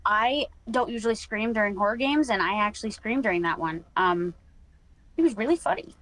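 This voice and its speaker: A woman who streams, answering interview questions in a relaxed way and laughing easily. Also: mid-range voice, fairly quick, low-quality recording. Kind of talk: casual online interview.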